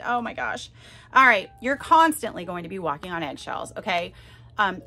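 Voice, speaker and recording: A podcast host with a mid-range, sharp-toned voice shares her own story candidly and emphatically. She keeps turning to her listeners to check in, often asking "okay?" as she speaks to them directly.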